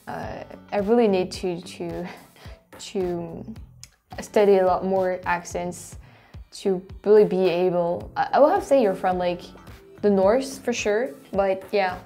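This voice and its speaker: A woman with a French accent hosts, reacting to clips with bursts of excitement. Her voice is mellow and warm rather than bright, at a middle pitch. Light music sits faintly underneath. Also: creaky. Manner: excitable, effusive. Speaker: host. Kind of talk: casual reaction commentary.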